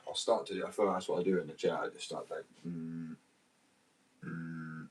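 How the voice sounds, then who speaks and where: A man's voice: sits low, flat delivery, normal speed, slight background noise, poor audio. A man, chatting casually and rambling for a vlog, swearing freely and sounding drowsy and loose. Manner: rambling, sweary, laid-back. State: drowsy on muscle relaxant.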